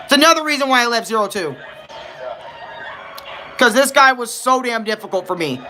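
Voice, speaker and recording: A man's voice: very high voice, expressive, brisk, pushed and bright. A young man giving casual, rambling game commentary, swearing freely and correcting himself as he talks. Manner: rambling, profane, self-correcting. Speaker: gaming streamer.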